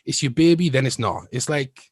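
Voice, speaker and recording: A male podcast host talks through his ideas in a loose, thoughtful way, chuckling between thoughts. His voice sits at an ordinary pitch. The recording is dry and close, with no room sound. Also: expressive, fairly quick, no echo. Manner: thoughtful, rambling, often laughs. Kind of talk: casual chat.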